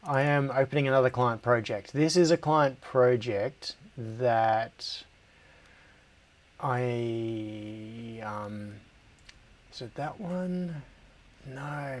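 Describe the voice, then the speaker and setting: A man's voice: mid-range voice, slow pace. A middle-aged Australian man hosting a casual live stream, thinking aloud, distracted and laughing often. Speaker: livestream host. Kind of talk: casual live-stream chat while working.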